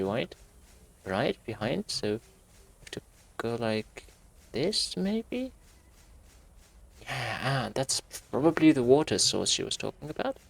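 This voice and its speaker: A man giving let's play commentary on a horror game, thinking aloud in quiet asides and breaking into sudden swearing. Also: mid-range voice, gravelly. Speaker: gaming YouTuber.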